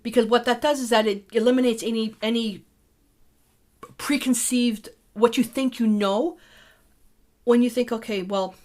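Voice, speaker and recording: A woman's voice: fairly high pitch, steady tone, moderate pace, pauses often, a little mellow. A middle-aged woman teaching a casual painting tutorial, chatty and thinking aloud as she mixes colours.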